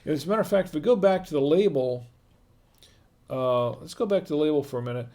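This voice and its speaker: A man's voice: a little high, quick pace, dark tone. A man hosting a wine tasting livestream, talking casually and thinking aloud as he reads viewer comments. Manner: rambling and conversational, thinking aloud.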